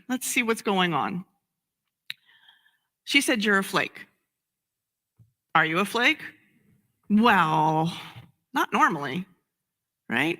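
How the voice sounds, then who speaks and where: A woman minister delivers a casual, conversational sermon with a very bright, sharp tone. She is animated, slips into little acted-out scenes and laughs often. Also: mid-range voice.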